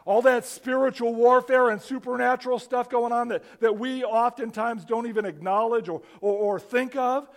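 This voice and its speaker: A man with a strikingly high voice preaches to his congregation. His delivery is animated and conversational, with repeated restarts as he builds his points. The pacing of a live sermon comes through in how he talks. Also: moderate pace, hardly any pauses. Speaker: pastor.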